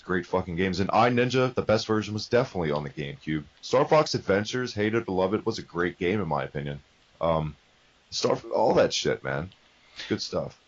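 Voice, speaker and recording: A man with a very deep voice, chatting laid-back as a podcast co-host. He swears casually and goofs around. The recording sounds dull and lo-fi. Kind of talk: casual gaming podcast chat.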